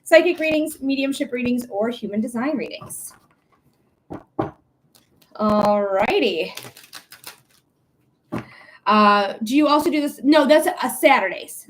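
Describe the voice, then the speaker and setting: Chatty woman psychic, slightly high voice. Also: poor audio. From United States. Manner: chatty, greets viewers by name with repeated welcomes. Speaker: psychic reader hosting a live stream. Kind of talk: casual live-stream chat.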